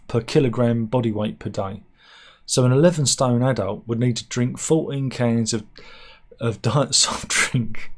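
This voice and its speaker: A man giving rambling, sarcastic comic commentary on news stories, with mock-serious asides. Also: medium pitch. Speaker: satirical news vlogger.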